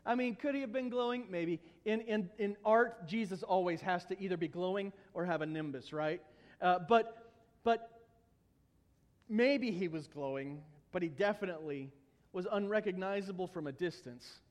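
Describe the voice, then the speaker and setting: A man's voice: high-pitched, normal speed. A man preaching a sermon in a church, earnest, with stumbling repetitions and humorous asides. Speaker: pastor. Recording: long hall reverb.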